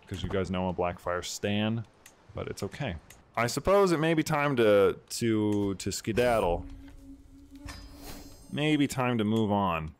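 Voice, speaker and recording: A man chatting casually over his gameplay, excitable and slangy, with quick asides to his viewers. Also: fairly low pitch. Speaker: gameplay streamer.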